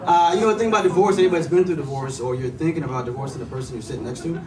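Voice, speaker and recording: A man's voice: a little high, racing, echoey room, far from the mic, crowd noise. A man performing a stand-up comedy set, telling loose, chatty stories with lots of fillers. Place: comedy club stage. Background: room ambience and audience laughter.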